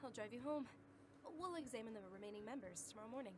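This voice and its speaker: A woman's voice: fairly high pitch, fast talker, darkish tone, close to an everyday voice. Woman voicing a teasing young detective woman. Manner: playful, teasing. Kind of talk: voice acting a visual novel.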